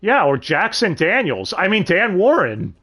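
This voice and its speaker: A man hosting a casual livestream chat, animated, swearing freely and laughing often. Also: high voice, measured pace. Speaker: podcast host.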